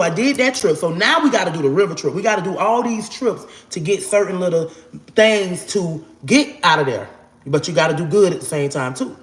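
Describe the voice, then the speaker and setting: A woman in her forties tells a long personal story straight to camera, swearing to God and calling out to her viewers. Her talk is emphatic and casual. The sound rings with a roomy echo. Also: low-pitched. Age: 40s. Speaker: storyteller vlogger. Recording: echoey room.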